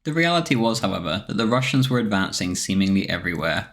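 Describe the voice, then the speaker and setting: Deep-voiced man narrating history. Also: big pitch swings, quick pace, fairly bright tone. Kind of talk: scripted documentary narration.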